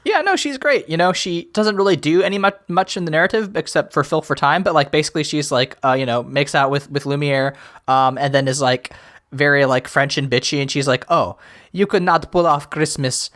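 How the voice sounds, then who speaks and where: A young man co-hosting a podcast in casual chat, animated and laughing, slipping into silly voices when he quotes characters. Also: fairly high pitch, brisk. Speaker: podcast co-host.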